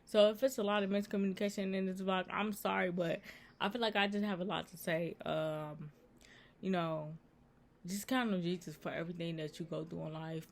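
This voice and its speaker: A woman's voice: on the low side, steady tone, a little fast, vocal fry. A woman giving earnest, repetitive faith advice in a casual vlog, talking straight to her viewers. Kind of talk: casual Christian encouragement vlog.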